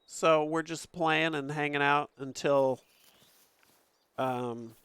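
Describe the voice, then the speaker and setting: A man casually commentating a game stream from an upstairs room at home, excitable and profane, laughing often. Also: on the high side, slow, smooth, no room sound.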